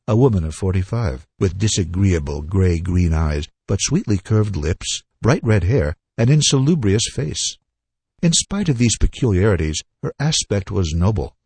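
Deep, husky man reading a novel aloud. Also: no room sound. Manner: lively, expressive storytelling, slowing for reflective passages. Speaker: audiobook reader. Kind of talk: scripted narration of a classic novel.

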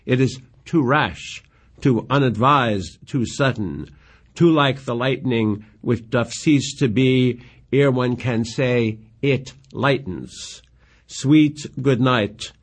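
A man reading Juliet, an earnest young woman in love, in slow tender verse recitation. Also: medium pitch.

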